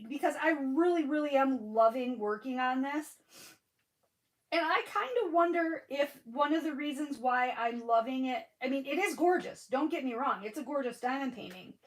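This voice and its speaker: A middle-aged woman with a high-sitting voice chats casually with viewers on a craft livestream, gushing and answering comments by name. She's sniffling after crying, and the audio quality is poor.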